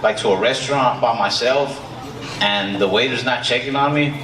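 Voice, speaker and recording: A man's voice: medium pitch, normal speed. Hesitant stand-up comic, man, roomy. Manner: hesitant, self-deprecating, stammering restarts. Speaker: stand-up comedian. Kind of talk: stand-up comedy set. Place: comedy club stage. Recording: roomy, distant sound with loud crowd noise.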